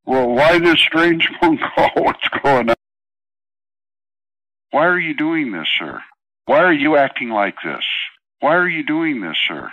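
A man on a phone call sounds bewildered. He keeps asking why the call is happening. His voice sits at an ordinary pitch. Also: very animated, unhurried, long pauses, pushed and bright. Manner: confused, repeatedly questioning.

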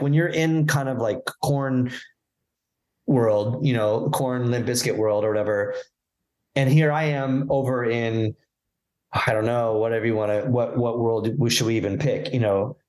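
Man, casual chat, rambling, profane, filler-heavy, average pitch. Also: a little mellow. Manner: rambling, profane, many filler words and restarts. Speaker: podcast guest.

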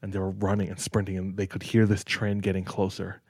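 A young man co-hosting a podcast tells laid-back stories, leaning on "like" and "dog" often. His low voice is monotone, brisk, slightly mellow, and a little breathy, captured in clean studio sound with no room sound.

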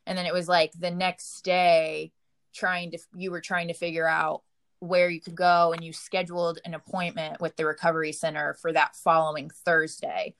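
Woman, low-pitched, casual storytelling, emotional, filler-heavy. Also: flat delivery, moderate pace, a bit bright. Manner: emotional, frequent "like" fillers, quotes herself. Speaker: partner of a recovering addict, guest.

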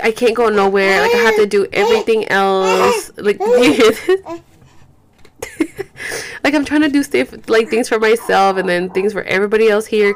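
A woman hosting a podcast in a rambling, chatty way, tired and yawning, saying "like" a lot and swearing now and then. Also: mid-range voice. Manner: rambling, chatty, says "like" and "you guys" often, swears. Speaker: podcast host. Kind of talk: casual chat.

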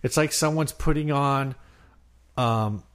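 A man's voice: medium pitch, slow pace. A man with an ordinary mid-range voice, co-hosting a casual podcast. He rambles through his points and circles back as he talks. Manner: rambling, lots of fillers and restarts. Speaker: podcast co-host. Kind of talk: casual chat.

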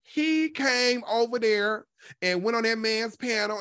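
A man hosting a gossip commentary show, talking loudly and brashly with constant profanity. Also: very high-pitched, normal speed, no echo, studio quality. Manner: loud, brash, heavily profane.

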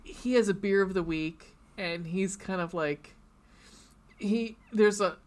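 A woman's voice: medium pitch, slow. A woman co-hosting a podcast in casual chat, rambling with lots of fillers and restarts. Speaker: podcast co-host.

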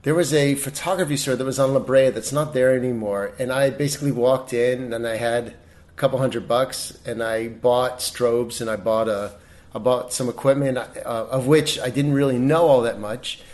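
A middle-aged man talks as a guest in a relaxed interview. He tells stories animatedly and restarts his sentences often, at a pitch of ordinary height. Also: normal speed. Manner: animated storyteller, many restarts. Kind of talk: casual interview storytelling.

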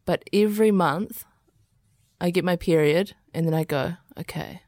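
A woman's voice: lowish voice, moderate pace, a little mellow, dry recording, studio quality. A woman co-hosting a podcast, telling a self-deprecating story with hesitant fillers. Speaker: podcast co-host. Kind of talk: casual chat.

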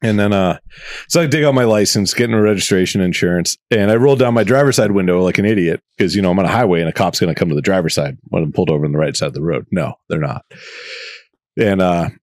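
A man's voice: low voice, quick pace, a little mellow, dry recording. A man telling a story in casual podcast chat, swearing freely and acting out the voices in it. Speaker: podcast co-host.

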